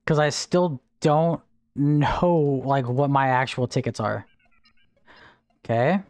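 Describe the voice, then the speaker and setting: Slow and smooth, a little mellow, this mid-range male voice comes with no room sound. The Texan streamer has no regional accent and keeps up casual live gameplay commentary, replying to chat and counting spins aloud.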